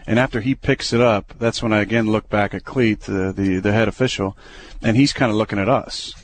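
A young adult man, a quarterback, talking through plays in a relaxed, hesitant way with many fillers and restarts. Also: fairly low pitch, brisk, slight background noise. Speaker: football quarterback. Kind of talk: casual radio interview.

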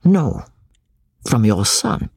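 A man's voice: mid-range voice, very slow, creaky, husky, full character voice. A man voicing a grave, earnest young officer. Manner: steady, grave, patient.

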